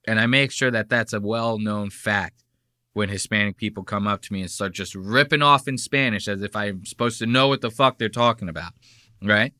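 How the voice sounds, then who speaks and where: A man's voice: fairly low pitch, moderate pace, bright, forceful tone, no room sound, studio quality. An American man in his thirties hosting a podcast, ranting in casual commentary full of profanity. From United States. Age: 30s. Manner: profane, heated, rambling. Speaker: podcast host.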